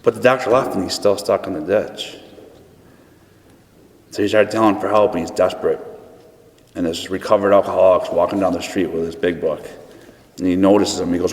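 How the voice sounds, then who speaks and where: A man's voice: low voice, fairly quick, pauses often. A man from upstate New York giving a personal testimony at a recovery meeting, chatty and acting out the dialogue in his story. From Buffalo, New York. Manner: conversational, acts out dialogue in a story. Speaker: guest speaker at a recovery meeting. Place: meeting hall. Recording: echoey hall.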